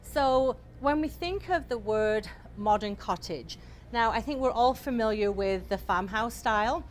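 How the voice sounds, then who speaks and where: A woman's voice: a little high, measured pace, a little hiss or hum. A woman leading a home decor class in an upbeat, chatty way, with many fillers. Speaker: interior design instructor.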